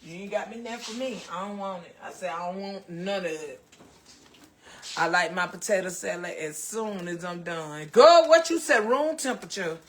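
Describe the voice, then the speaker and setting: A woman's voice: lowish voice, normal speed, fairly bright tone. A Southern American woman hosting a casual cooking livestream, chatting folksily with her viewers and calling them baby and child.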